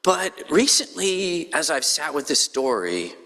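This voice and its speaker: Male pastor, lively bright voice, slow unhurried delivery, church hall reverb, conversational sermon. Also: on the high side. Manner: animated storytelling with playful quoted voices. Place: church sanctuary.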